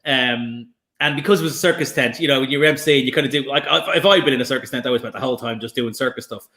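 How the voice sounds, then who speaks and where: A man chatting as a guest comedian, telling lively anecdotes with swearing and restarts over a video call. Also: mid-range voice, racing. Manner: animated storyteller, swears, restarts. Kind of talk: casual chat, anecdotes. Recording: echoey room.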